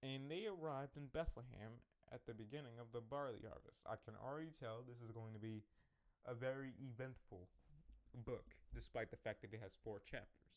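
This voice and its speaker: Young man reading scripture with jokey asides. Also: medium pitch. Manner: joking asides, self-mocking, stumbles over words. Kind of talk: casual scripture reading with commentary.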